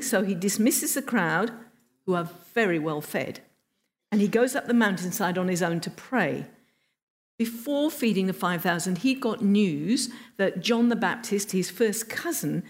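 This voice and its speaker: Brief: woman, mid-pitched voice, preacher giving an expressive, story-driven sermon. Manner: expressive storytelling delivery with emphatic pauses.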